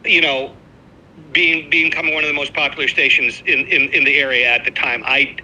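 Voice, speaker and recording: A man's voice: a little high, little pitch movement, brisk, pushed and bright, slight background noise, rough recording. A man, a former radio colleague, speaking emphatically and sincerely in a casual podcast chat.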